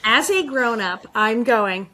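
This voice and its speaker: Animated woman recapping a TV episode. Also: a little high, takes it slowly. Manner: animated, acts out characters' lines in quoted voices. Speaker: podcast co-host. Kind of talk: casual chat, recapping an episode.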